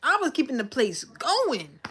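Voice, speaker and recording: A young woman talks casually to her livestream viewers. Her fairly high voice swings up and down as she tells a story, putting on her coworkers' and her manager's voices along the way. The delivery is animated and informal. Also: unhurried, husky. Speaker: livestream host.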